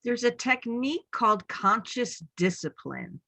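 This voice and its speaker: A woman's voice: on the high side, big pitch swings, a little slow, gravelly, bright, forceful tone, no echo. A woman in the audience asking a parenting question, correcting herself mid-word.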